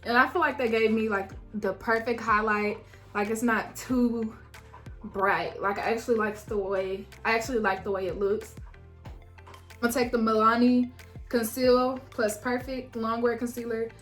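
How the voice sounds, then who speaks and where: Young woman beauty vlogger, frank storyteller, high voice in an echoey room with soft music under her. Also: normal speed. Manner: animated, swings into loud high-pitched quotes of herself and others; casual and frank, swears freely, chats to viewers as "y'all". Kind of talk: storytime while doing makeup.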